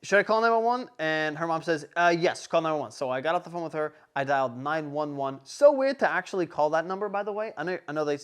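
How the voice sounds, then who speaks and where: A young man hosting a casual podcast, telling a story in an animated, rambling way full of swearing and fillers. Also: a little high, fast, few pauses, clean tone. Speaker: podcast host.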